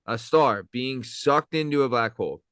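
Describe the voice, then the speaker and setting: A hoarse young man co-hosting a comedy podcast, rambling playfully with lots of fillers and goofy asides. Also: mid-range voice, moderate pace, a bit bright, no room sound, clean studio sound. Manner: rambling, playful, full of filler and silly voices. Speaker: podcast co-host.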